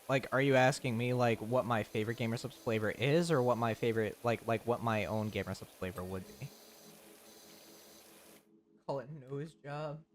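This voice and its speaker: With a medium-pitched voice and a little hiss or hum in the recording, a young man live-streams, rambling and joking loosely with his viewers and laughing often as he answers chat.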